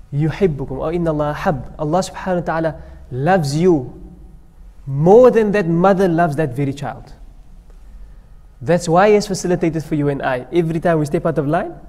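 Mellow preacher in an echoing mosque. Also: male voice, a little high. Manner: storytelling preacher, mixing in Arabic recitation. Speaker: sheikh giving a Ramadan lecture. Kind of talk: sermon. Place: mosque hall. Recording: long echo of a mosque hall.

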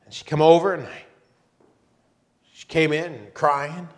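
A man delivers a sermon as a church pastor. His voice sits slightly high for a man, and he talks in a conversational, halting way, restarting phrases and dropping in teasing asides. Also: fairly even intonation. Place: church sanctuary.

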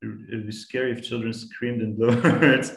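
A man's voice: medium pitch, level tone, moderate pace, reverberant. A man giving an online science class to young students, patient and encouraging, asking them questions as he explains. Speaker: science guest speaker teaching kids.

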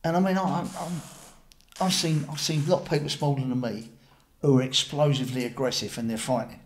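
A man, a podcast guest telling his recovery story bluntly, with lots of restarts and animated retellings. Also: a little high, quick pace, slight background noise.

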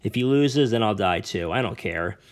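Stubborn tearful girl in an audiobook, a man doing the voice, rough dialect, raised and strained. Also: lowish voice, lively intonation, moderate pace. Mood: defiant. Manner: rough dialect speech, ain't and me own. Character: fierce defiant young girl, tearful and stubborn.

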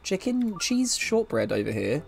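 A man's voice: sits high, huge pitch swings, measured pace, vocal fry, heavy background noise. A man streaming a game with a friend, teasing and laughing as he plays. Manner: teasing, playful, laughs often. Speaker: gaming streamer. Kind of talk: casual banter while playing.

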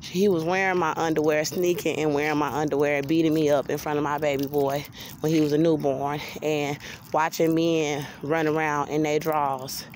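A woman's voice: deep voice, little pitch movement, moderate pace, a little mellow, a little hiss or hum. A woman giving a blunt, outspoken personal testimony while walking on an outdoor trail, recorded on a handheld phone. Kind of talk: casual spoken testimony. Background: passing vehicles and outdoor ambience.

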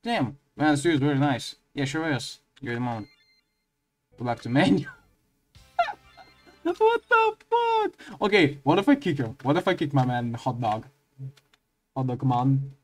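A man at middle pitch playing through a game and commenting. He swears constantly and keeps bursting into squeaky laughter. Faint game music sits behind his voice. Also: moderate pace, a little mellow. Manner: crude, swears a lot, breaks into high laughing outbursts. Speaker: let's play gamer.

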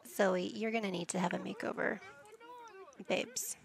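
Slow, gravelly woman narrating her game. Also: mid-range voice, big pitch swings. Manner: chatty, narrating her own game moves. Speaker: gaming YouTuber. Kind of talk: let's play commentary.

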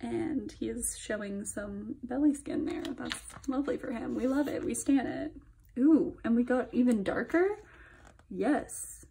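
A young woman chatting through an album unboxing, gushing and chatty, sometimes dropping into soft whispers. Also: a little high, unhurried, creaky, slight background noise. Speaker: K-pop album reviewer. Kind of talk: casual unboxing commentary.

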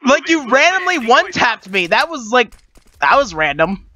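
A channel host giving casual gameplay commentary, excitable and laughing often, with jokey trash talk. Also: medium pitch, normal speed, no room sound.

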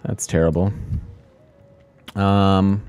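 A man's voice: sits low, little pitch movement, extremely slow, darkish tone, smooth, faint music behind. A man hosting a strategy game let's play, thinking aloud in casual commentary, often laughing at himself.

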